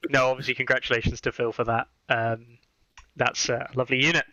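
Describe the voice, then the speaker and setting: A man's voice: medium pitch, flat delivery, fast, sharp tone, no room sound, muffled recording. A man hosting a podcast, chatting casually with lots of fillers and restarts. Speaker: podcast host. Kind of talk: casual chat.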